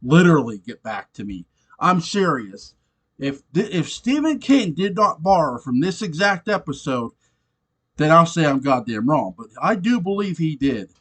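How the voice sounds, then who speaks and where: A man casually reviewing a TV episode, animated and swearing often, laughing between points. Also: a little high, normal speed, husky. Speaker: show reviewer.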